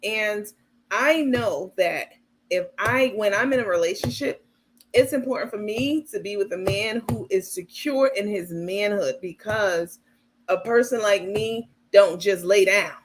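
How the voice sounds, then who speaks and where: A woman's voice: medium pitch, measured pace, a little hiss or hum. Blunt, outspoken woman livestream host. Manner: outspoken and blunt, with casual profanity; addresses viewers as "baby" and "you guys". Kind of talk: casual livestream commentary.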